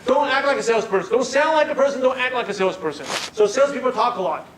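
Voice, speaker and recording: High-voiced male sales trainer. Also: rapid-fire, crowd noise. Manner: asks the audience questions and repeats their answers. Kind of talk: live workshop lecture. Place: meeting room with a live audience.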